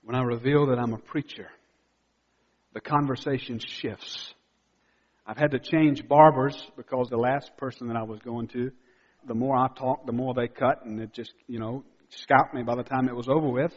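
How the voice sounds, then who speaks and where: A male pastor preaching a sermon, swinging from quiet, intimate asides to loud, emphatic declarations. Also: medium pitch, steady tone, moderate pace, long reverb tail, muffled recording. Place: church sanctuary.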